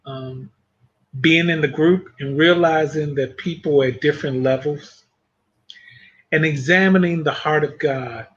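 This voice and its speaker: Guy on a church panel, kinda higher voice, calm and thoughtful, audio sounds muffled. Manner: thoughtful, measured, speaks of faith and grace. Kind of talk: reflective faith discussion.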